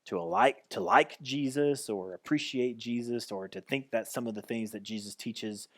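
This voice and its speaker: A man's voice: mid-range voice, moderate pace. A man pastor giving a conversational sermon, restarting and repeating phrases as he goes.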